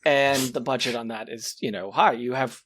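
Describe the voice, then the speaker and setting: A man's voice: mid-range voice, fairly even intonation, moderate pace, a bit bright. Give me a man explaining a film at length on a podcast in a mid-range voice. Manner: talkative, explains at length, peppered with "right?". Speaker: podcast guest. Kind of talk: casual movie discussion.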